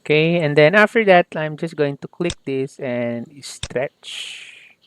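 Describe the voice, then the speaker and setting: Higher-pitched man walking through a software tutorial. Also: lively intonation, slow pace, a little hiss or hum. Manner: step-by-step, says "okay" and "there you go" often. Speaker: software instructor. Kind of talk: screen-recorded software tutorial.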